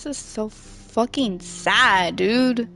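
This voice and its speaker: A woman's voice: a little high, slow, vocal fry, sharp tone, soft background music. A woman doing casual let's play commentary, muttering and swearing in exasperation. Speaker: let's player.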